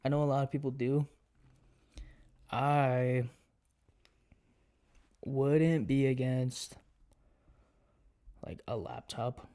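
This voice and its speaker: A man's voice: medium pitch, extremely slow, pauses often. A laid-back young man, a college student, chatting casually as a podcast guest. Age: young adult. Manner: laid-back, relaxed storytelling. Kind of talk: casual chat.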